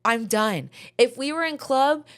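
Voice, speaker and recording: A middle-aged woman hosting a podcast, telling stories in casual chat, animated and frank, swearing freely. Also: a little high, a little slow. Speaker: podcast host.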